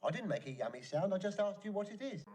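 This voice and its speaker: An actor playing a cheeky, wisecracking male servant in a 1970s comedy film, with quick, impish comic delivery. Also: high voice, sing-song, a little mellow. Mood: indignant.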